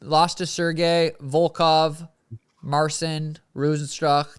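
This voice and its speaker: A man's voice: on the high side, level tone, slow, clean tone, dry recording, clean studio sound. A man hosting a casual fight podcast, joking and swearing freely as he runs through the upcoming matchups with his guest. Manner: loose, profane, laughing banter. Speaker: podcast host.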